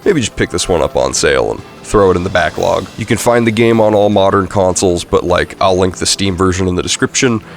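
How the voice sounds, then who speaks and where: A man's voice: sits low, fairly quick, vocal fry, few pauses. A young man casually reviewing a video game, rambling with lots of fillers and self-corrections. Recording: faint music underneath. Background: faint background music.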